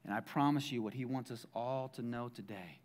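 A pastor preaching a casual sermon in a church, moving from hushed, intimate lines to loud, shouted ones and joking with the crowd. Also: male voice, mid-range voice, a little fast, slight background noise. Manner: casual and jokey, calls the crowd guys. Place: church sanctuary.

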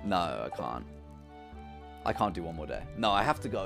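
A young man streaming a farming game, who swings from loud outbursts to low muttering. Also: sing-song, moderate pace, gravelly, long pauses, music in the background. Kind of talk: live gameplay commentary.

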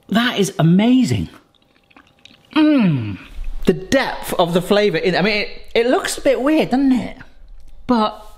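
A British man hosting a casual cooking vlog, chatty and enthusiastic, exclaiming as he tastes. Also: on the high side. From Britain. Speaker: cooking vlogger.

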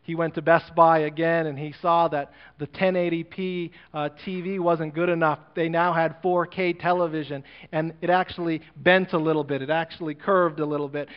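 A man's voice: a little high, fairly even intonation, moderate pace, hardly any pauses, smooth. A male pastor telling a sermon story in a church, acting out the dialogue and building to an earnest appeal. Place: church sanctuary. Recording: muffled church recording with long reverb.

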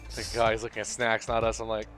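A man's voice: on the low side, monotone, a bit bright, faint music behind. A man co-commentating a fighting game tournament, bantering in a rambling way. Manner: rambling, halting restarts.

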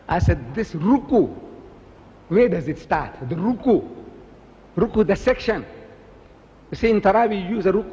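Impassioned male preacher, pitch leaps all over, long hall reverb, faint room noise. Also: a little mellow. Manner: impassioned, mimics others in raised voice. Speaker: Islamic preacher. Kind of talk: animated religious lecture.

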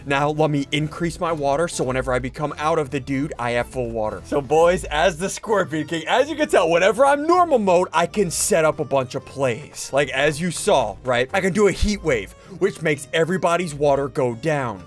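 Excitable guy doing game commentary, loud bursts and quiet explaining, swoopy high voice. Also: normal speed, few pauses. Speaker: gaming channel host. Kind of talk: gameplay commentary with friends. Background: game music.

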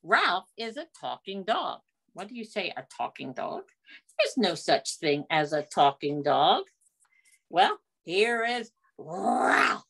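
A woman's voice: mid-range voice, very animated, slow pace, gravelly, fairly bright tone, husky. A woman leading a children's library storytime, reading a picture book aloud in a coaxing sing-song way and asking the kids questions.

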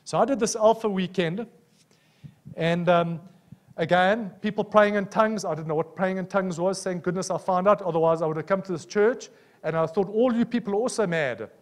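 High-voiced South African preacher. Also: male voice, fairly quick. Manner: animated, personal storytelling with frequent "Amen?" calls. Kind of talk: sermon.

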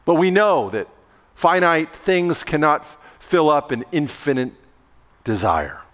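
Man preaching a sermon, high voice, lively storytelling, big church echo. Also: measured pace. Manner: lively storytelling with acted-out yelling. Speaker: pastor. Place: church sanctuary. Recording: long reverb of a church sanctuary.

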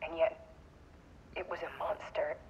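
A woman's voice: measured pace, a little hiss or hum, close to an everyday voice, rough recording. A woman voicing a brooding haunted artist. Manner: brooding, hushed narration. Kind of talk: game dialogue monologue.

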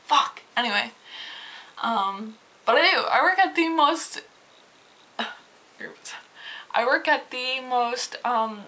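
A woman's voice: high voice, animated, slow, pauses often, bright, forceful tone. A young woman venting in a casual vlog about rude customers at her gas station job, exasperated and cursing freely. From Canada. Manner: exasperated, swears freely, fired up. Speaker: vlogger, gas station attendant. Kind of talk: ranting casual vlog storytelling.

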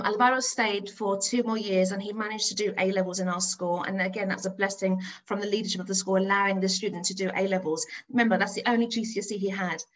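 A middle-aged woman from north-west London, a teacher, giving a lively storytelling talk. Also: mid-range voice, rough recording. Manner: animated storyteller, acts out her own excited voice.

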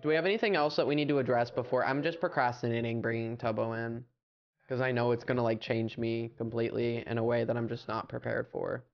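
A man's voice: medium pitch, flat delivery, quick pace, creaky, muffled recording. A young American man chatting casually and playfully on a livestream, rambling with filler words. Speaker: streamer.

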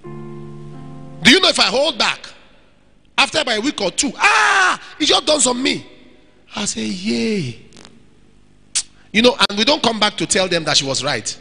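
A man's voice: very high-pitched, sing-song, moderate pace, gravelly, long pauses, bright, forceful tone, breathy edge, soft background music. A middle-aged male pastor preaching in a church hall, answering questions from the congregation and acting out quoted dialogue with emphasis. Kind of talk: sermon with audience Q&A.

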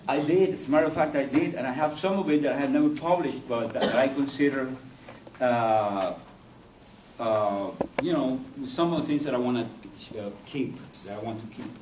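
A Cuban poet whose first language is Spanish gives a university lecture in a mid-range voice, halting, digressing and searching for words. The lecture room is echoey, the mic distant, with faint noise.

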